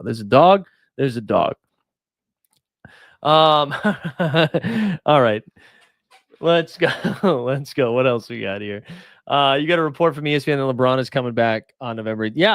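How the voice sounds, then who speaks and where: A man hosting a casual livestream, chatting and reading viewer comments, animated, swinging from mock outrage to mumbled asides. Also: mid-range voice, normal speed, creaky, dry recording, studio quality. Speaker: livestream host.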